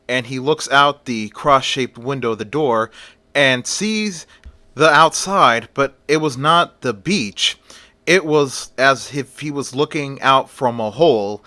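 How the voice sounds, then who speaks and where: A male storyteller narrating horror in an animated way, his voice bright and forceful. The sound is close and dry, with no room echo. He talks at a natural, unhurried pace. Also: medium pitch.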